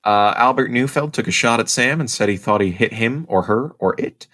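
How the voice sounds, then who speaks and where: A man from Ohio co-hosts a casual podcast, his medium-pitched voice brisk and a bit bright. He reads out notes and teases his co-host with mock indignation.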